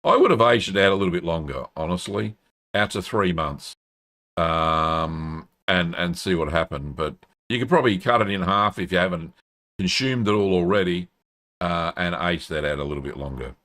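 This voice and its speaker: A man's voice: low voice, moderate pace. A middle-aged man, hosting a live stream and chatting casually with plenty of ums and uhs. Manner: relaxed, chatty, frequent ums and uhs, friendly "mate". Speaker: host answering cheese-making questions. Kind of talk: casual live-stream chat, reading viewer messages.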